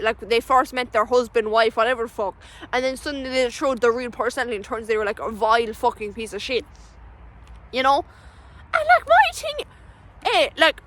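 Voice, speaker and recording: A woman's voice: sits high, pushed and bright, low-quality recording. A young woman, ranting bluntly and swearing constantly in a casual vlog from a parked car. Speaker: vlogger.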